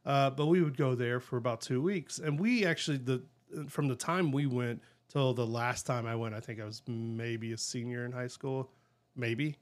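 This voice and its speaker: A man's voice: medium pitch, moderate pace. A middle-aged man, co-hosting a casual chat and telling rambling stories with easy laughs. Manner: chatty, laughs easily, rambling storyteller. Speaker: podcast co-host.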